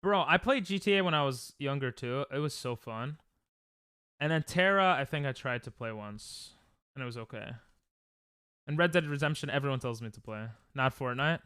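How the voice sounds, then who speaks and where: A man's voice: mid-range voice, expressive, normal speed, sharp tone, clean tone, no room sound. A young man chatting casually on a live stream while gaming, joking, laughing often and reading chat aloud from a close desk mic at home.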